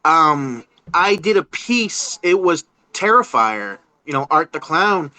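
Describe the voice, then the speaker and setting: Halting, rambling male podcast guest. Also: fairly high pitch, expressive, sharp tone, no room sound, low-quality recording. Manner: halting, rambling, many restarts and "you know". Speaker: podcast guest, horror artist. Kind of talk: casual interview chat.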